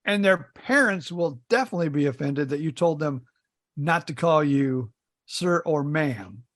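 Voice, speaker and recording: A man's voice: fairly high pitch, lively intonation, a little slow, fairly bright tone. A middle-aged man from Indiana co-hosting a podcast, telling folksy stories in casual chat. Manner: storytelling, folksy, repeats words when starting. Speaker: podcast co-host.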